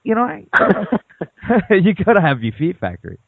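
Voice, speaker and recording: A man's voice: sits high, wildly swooping pitch, a little slow, vocal fry, husky, no room sound. An Australian man hosting a radio interview, keen and fan-like, often calling his guest man. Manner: enthusiastic, fan-like, says man a lot. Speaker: radio show host. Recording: tinny dry lo-fi sound.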